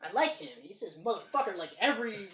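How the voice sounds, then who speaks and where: A woman co-hosting a podcast, reviewing a film in casual chat, animated and emphatic, acting out lines and swearing freely. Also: mid-range voice, fast talker, crowd noise. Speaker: podcast co-host. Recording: roomy echo.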